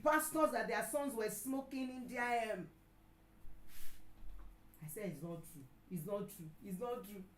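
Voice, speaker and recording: A middle-aged woman with a Nigerian accent preaches at a medium pitch, hammering her points home through repetition. Her voice rings out in an echoey room, and now and then she gets suddenly loud. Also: a little hiss or hum. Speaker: pastor and counselor. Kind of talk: sermon.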